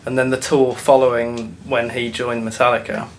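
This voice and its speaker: A man's voice: medium pitch, flat delivery, normal speed, a little hiss or hum. A man co-hosting a casual chat vlog, throwing in dry, sarcastic asides. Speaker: vlog co-host.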